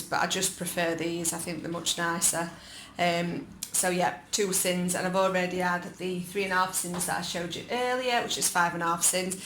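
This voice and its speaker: A woman with an English accent talks through her day in a relaxed, rambling way, scattering ums between her thoughts. Her voice sits low and has a gravelly fry. The room around her is echoey, with faint noise behind her. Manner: chatty and rambling, with many ums. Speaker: vlogger. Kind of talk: casual chat. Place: dining room at home.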